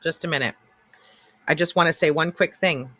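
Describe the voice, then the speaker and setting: A woman co-hosting a casual livestream, telling a story in an animated, swearing way and acting out the people she quotes. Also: low voice, normal speed, no echo. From Canada. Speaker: co-host.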